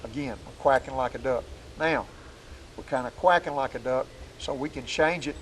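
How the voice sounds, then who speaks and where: A man's voice: mid-range voice, normal speed, a bit bright, a little hiss or hum, low-quality recording. A man teaching duck calling outdoors in a folksy, plainspoken way. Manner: folksy, plainspoken, demonstrating calls. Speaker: duck call instructor. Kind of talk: outdoor hunting call lesson. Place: woods outdoors.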